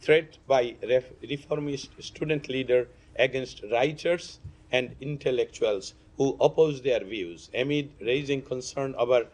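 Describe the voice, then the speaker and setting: A man's voice: mid-range voice, measured pace, darkish tone. A male reporter with a lost voice, politely reading long formal questions at a press briefing and coughing. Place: briefing room.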